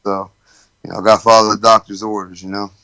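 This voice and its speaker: Laid-back man, smooth voice. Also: lowish voice, level tone, quick pace, bright, forceful tone, low-quality recording. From Alabama, USA. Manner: laid-back, joking, says "man" often. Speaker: professional fighter, guest. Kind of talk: casual interview.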